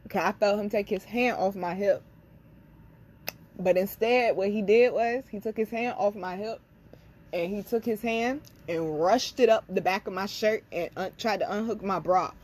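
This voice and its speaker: Young woman, vlog host, candid personal storytelling, blunt and profane, addresses listeners directly, mid-pitched voice. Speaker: spiritual reader and channel host.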